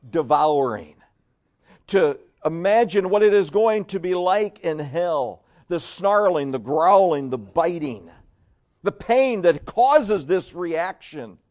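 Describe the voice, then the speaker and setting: High-voiced preacher man, dramatic swings. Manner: dramatic, swinging between loud emphasis and hushed low tones. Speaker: pastor. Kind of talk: preached sermon.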